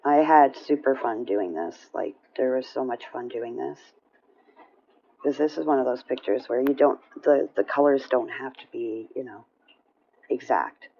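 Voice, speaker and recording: A woman chatting casually about her coloring pages, rambling with fillers and clearing her throat often. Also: a bass voice, a little slow, dark tone, muffled recording, slight background noise. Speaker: coloring vlogger. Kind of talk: casual show-and-tell chat.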